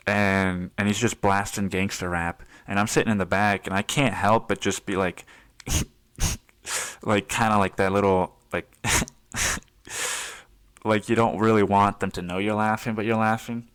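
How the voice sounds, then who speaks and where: A man's voice: on the low side, flat delivery, a little slow, pauses often, fairly bright tone, smooth. A man hosting a podcast, telling a rambling story in a casual chat style, laughing often and swearing freely. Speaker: podcast host.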